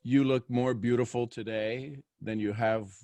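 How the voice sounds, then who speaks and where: A man's voice: medium pitch, steady tone, measured pace, warm tone, no room sound. Earnest man coaching a guest. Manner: earnest, encouraging, speaks straight to the guest. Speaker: life coach host. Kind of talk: motivational coaching conversation.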